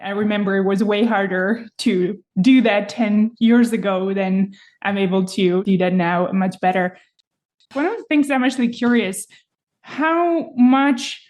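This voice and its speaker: A woman's voice: mid-range voice, measured pace, darkish tone. A woman with a mid-range voice hosts a podcast interview. She speaks in an encouraging way and builds long, thoughtful questions for her guest. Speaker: podcast host. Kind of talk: interview host.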